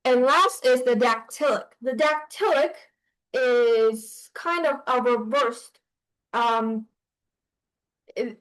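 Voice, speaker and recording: A woman leads an online class, explaining things slowly. Her voice sits high, and her speech is full of pauses, fillers and self-corrections. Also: low-quality recording. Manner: hesitant, many fillers and restarts. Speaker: teacher.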